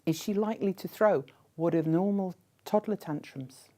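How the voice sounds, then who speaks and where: A woman giving a conference keynote speech in a measured way, posing rhetorical questions to the audience. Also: on the low side, mellow. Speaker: keynote speaker.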